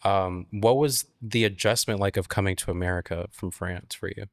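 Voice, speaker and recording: A male interviewer with a notably low voice asks questions in a relaxed, friendly way. He keeps encouraging his guest with short replies of approval. The recording is dry and close. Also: normal speed, no room sound. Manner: encouraging, with frequent affirming replies. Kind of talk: casual interview chat.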